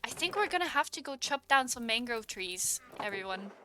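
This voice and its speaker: Giggly bright-voiced young woman streaming. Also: fairly high pitch, fairly quick, soft background music. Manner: giggly, chats with viewers, bursts into excited exclamations. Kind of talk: casual live-stream chatter while gaming.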